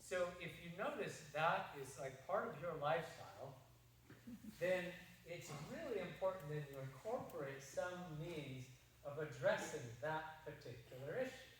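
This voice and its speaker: A man's voice: a little high, animated, unhurried, a bit bright, a little hiss or hum. A middle-aged man giving a seminar talk, telling a story in a folksy, rambling way with many restarts. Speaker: seminar presenter. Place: seminar room. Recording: distant mic in an echoey room.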